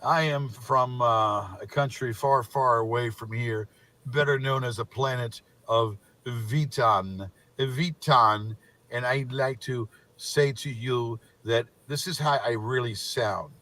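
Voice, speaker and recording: A man's voice: medium pitch, slow, pushed and bright. A man putting on a mocking voice as a rambling, repetitive internet troll. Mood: droning mockery. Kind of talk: mocking parody monologue.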